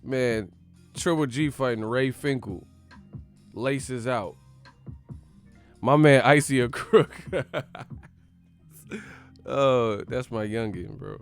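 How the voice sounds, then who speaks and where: A man hosting a boxing channel in casual, playful banter full of slang, often breaking into loud yelled movie catchphrases. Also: medium pitch, takes it slowly, long pauses, soft background music.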